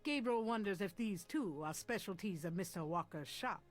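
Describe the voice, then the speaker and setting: A woman giving calm, measured scripted narration of the scenes in a mystery adventure game. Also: mid-range voice, natural voice.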